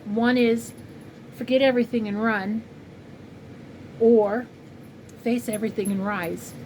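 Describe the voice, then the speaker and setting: A woman's voice: fairly high pitch, fairly even intonation, measured pace, darkish tone. Woman in her fifties, from California, rambling heartfelt vlog, noisy home recording. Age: 50s. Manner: rambling, heartfelt, many fillers. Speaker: crochet channel vlogger. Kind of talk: casual personal vlog.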